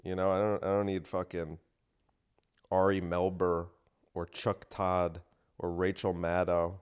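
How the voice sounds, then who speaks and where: A comedian hosting his own podcast rants bluntly, with profanity, in a casual solo monologue recorded in a home gym room. His voice is low and clean, with little pitch movement and a measured pace.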